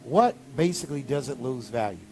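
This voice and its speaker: A man pastor preaching a sermon, animated, with sudden high exclamations. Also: moderate pace, soft background music.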